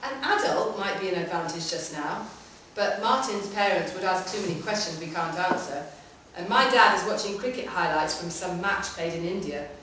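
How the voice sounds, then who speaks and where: A woman giving a live, measured reading of a short story in a public library room. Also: fairly low pitch, fairly bright tone, slight background noise. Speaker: reader. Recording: echoey hall from far off.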